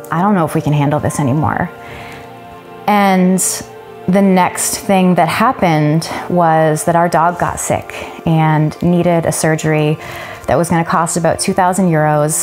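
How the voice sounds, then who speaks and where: A woman's voice: low voice, a little mellow. A woman, telling a personal testimony in an earnest, emotional way. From Canada. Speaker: church member giving a testimony.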